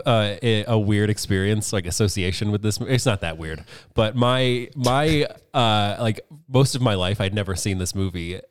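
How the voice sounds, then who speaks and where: A man co-hosting a casual movie podcast, talking in halting bursts with many fillers and frequent laughs. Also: lowish voice, clear, resonant tone. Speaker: podcast co-host. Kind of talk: casual chat.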